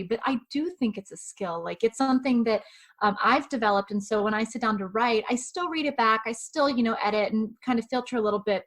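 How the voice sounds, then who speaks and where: A woman with a fairly high voice, speaking as a guest in an interview. She gives writing advice in a quick, chatty, emphatic way, the tone of a professional writer who talks with her hands.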